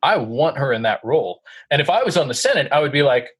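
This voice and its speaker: A man's voice: mid-range voice, big pitch swings, quick pace, a bit bright, slightly rough. A man co-hosting a podcast in casual chat, upbeat and enthusiastic. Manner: upbeat, enthusiastic, laughs often. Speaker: podcast co-host.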